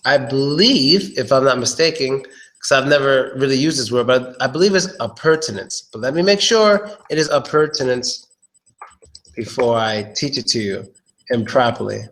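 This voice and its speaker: Man, pronunciation teacher, live stream, relaxed, repeats words slowly, mid pitch.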